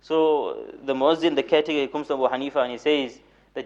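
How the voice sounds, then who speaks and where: A young man lecturing in a mosque as a moulana, telling stories with light humor, repeating words for emphasis and reciting Arabic rapidly. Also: mid-range voice, darkish tone. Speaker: moulana giving a weekly lecture. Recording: dull lo-fi recording.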